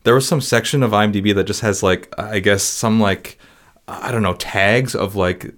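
A man co-hosting a podcast, chatting about a movie with dry jokes and halting restarts. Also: lowish voice, fairly bright tone. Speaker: podcast co-host. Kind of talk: casual chat recapping a film.

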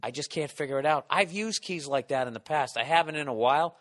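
A man hosting a podcast, telling a profane comic story in an animated, mock-ranting way. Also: on the high side, quick pace, big-room sound. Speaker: podcast host.

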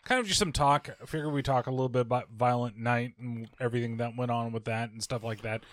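A man's voice: medium pitch, fairly even intonation, quick pace, no echo. A man hosting a casual podcast, joking around, swearing freely and laughing often. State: hiccuping. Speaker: podcast host. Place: indoor studio setup.

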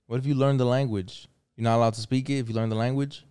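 Argumentative man with a smooth voice. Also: medium pitch, fairly even intonation, quick pace, mellow, no room sound, studio quality. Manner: argumentative, laughing, profane. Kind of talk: casual chat.

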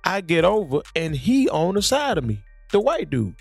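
A man's voice: high-pitched, very animated, normal speed, creaky, breathy edge, no room sound, faint music behind. A man hosting a podcast, animatedly telling stories in casual chat at a studio microphone, often repeating words as he starts sentences. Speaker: podcast host. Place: studio, sitting across from a guest.

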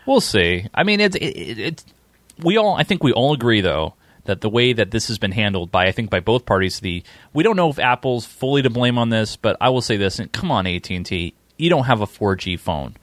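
Man, tech podcast host, opinionated, animated, dry close sound. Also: lowish voice, fairly quick, no echo. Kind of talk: casual tech chat.

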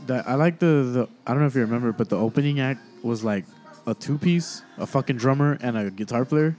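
A man hosting a casual, profane chat, relaxed and slangy, with bits of Spanish slang mixed in. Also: medium pitch, fairly quick, soft background music. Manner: laid-back, slangy, mixes in Spanish slang. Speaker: podcast host.

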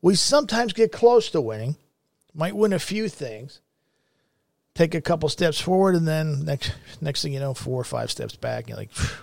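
A man's voice: fairly high pitch, huge pitch swings, moderate pace, gravelly, a little mellow, no room sound, studio quality. A middle-aged man hosting a commentary show, ranting in a blunt, profane and heated way. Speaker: show host.

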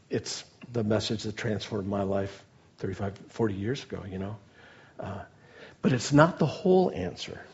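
A man's voice: medium pitch, a little mellow. Earnest man preaching, lo-fi sound. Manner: earnest, asks the audience questions, builds emphasis on key words. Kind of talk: sermon.

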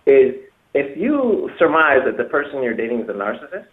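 A man's voice: mid-range voice, big pitch swings, brisk. Guy giving dating advice, keeps repeating himself, sounds roomy and tinny like a phone. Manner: emphatic, repeats himself, acts out example phrases. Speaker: dating coach. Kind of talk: advice on a call-in talk show.

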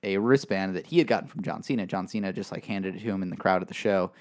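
With a low voice and fast delivery, a man co-hosting a podcast rambles loosely, often using fillers and starting sentences over.

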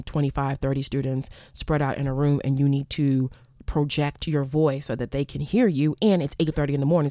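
A young woman, a former college teacher, hosting a candid storytelling monologue, profane and animated, acting out quoted exchanges. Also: sits low, dry recording, clean studio sound.

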